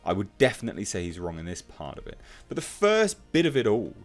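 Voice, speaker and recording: A man with a fairly low voice delivers opinionated commentary for an online video. He reads out comments and mocks them, emphatic and scornful. Faint music sits quietly under his voice. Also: wildly swooping pitch, fast. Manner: mocking, emphatic, laughs at commenters. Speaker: commentary youtuber.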